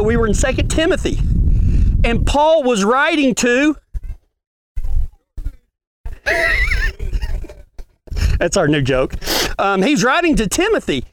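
A man preaching a folksy sermon at a ranch gathering, asking the room questions as he goes. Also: extremely high pitch.

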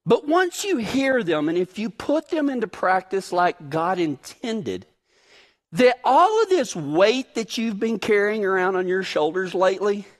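A man delivering a sermon in a very high voice that swings widely in pitch. He talks in a folksy, animated way and drops in joking asides as he leads into his message. His delivery stays lively throughout. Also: a little slow. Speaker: pastor. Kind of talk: sermon with humorous storytelling.

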